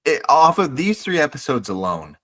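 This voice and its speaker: A man co-hosting a podcast in casual chat, animated, acting out characters' lines. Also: fairly high pitch, normal speed. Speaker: podcast co-host.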